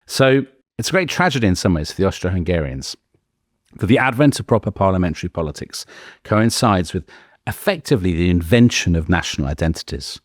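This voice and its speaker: A man tells a history story in a casual, animated way. His voice sits very low. The sound is dry and close, with no room echo. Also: fairly quick. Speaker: podcast co-host.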